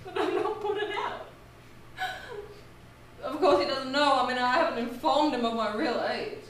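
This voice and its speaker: A woman's voice: high voice, moderate pace, lightly acted. A woman playing a faded, fragile, vain woman past thirty in a live stage play, with a theatrical, fluttery, pleading delivery. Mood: anxious. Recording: echoey hall, far mic, faint noise.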